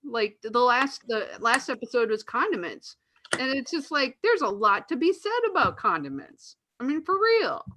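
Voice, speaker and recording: High, animated woman hosting a chat. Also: normal speed. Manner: giggly, chatty, enthusiastic. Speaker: host. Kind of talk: casual interview chat.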